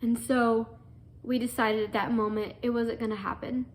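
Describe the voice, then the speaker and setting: A woman's voice: a little high, flat delivery, normal speed. A young adult woman earnestly telling a personal story, full of fillers and restarts. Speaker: guest telling her story.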